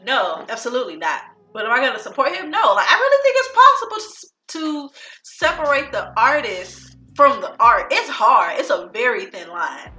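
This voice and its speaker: A woman's voice: on the high side, sing-song, moderate pace, sharp tone, faint music behind. A young woman hosting a casual, profane chat, blunt and opinionated as she leads the topics. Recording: echoey room.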